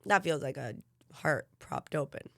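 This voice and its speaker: A woman's voice: deep voice, expressive, unhurried, gravelly, a bit bright, no room sound, studio quality. A woman co-hosting a podcast in casual chat, chiming in with short agreements and jokes. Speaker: podcast co-host.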